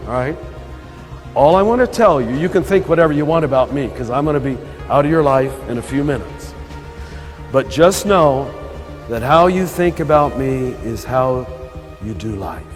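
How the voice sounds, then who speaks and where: Throaty older American priest in a hall. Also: male voice, on the high side. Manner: earnest, conversational, chuckling now and then. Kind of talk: spiritual talk to a live audience. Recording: live talk with long hall reverb and soft music behind. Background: soft lo-fi music.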